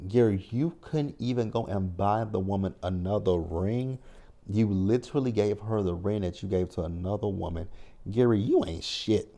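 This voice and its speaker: A man's voice: fairly low pitch, moderate pace, mellow. A man hosting a casual TV episode recap, chatty and wry, with frequent profanity. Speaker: TV recap channel host.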